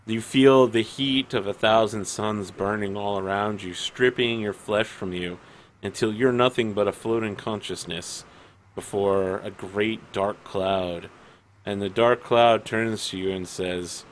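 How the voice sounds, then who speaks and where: Slow, low-voiced male game master. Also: slight background noise, rough recording. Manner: dramatic, deliberate narration. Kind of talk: narrating a tabletop game.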